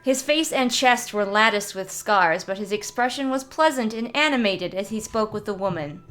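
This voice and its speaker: A woman reading a fantasy short story aloud in a steady, measured narrating voice. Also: mid-range voice, faint music behind. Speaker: story reader.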